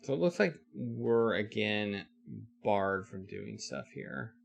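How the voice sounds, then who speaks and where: Man, low gravelly voice, live game stream, reading text aloud, faint music behind. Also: expressive, slow. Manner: thinks aloud, reads game text, greets chat.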